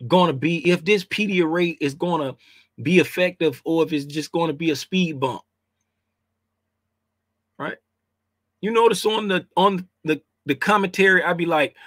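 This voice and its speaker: Man with a high voice, informal slangy trading lesson, repeats points, keeps asking right, dry close recording. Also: a little slow, long pauses, a bit bright, dry recording. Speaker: trading educator. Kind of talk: casual trading lesson over charts.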